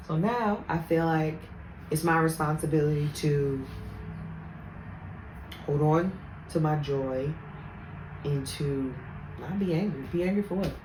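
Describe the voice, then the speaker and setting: A woman podcast host telling stories about faith and anger, speaking in an animated, preachy way. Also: deep voice, slow pace, long pauses, noisy background. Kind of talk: casual faith talk. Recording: echoey room, faint ambience.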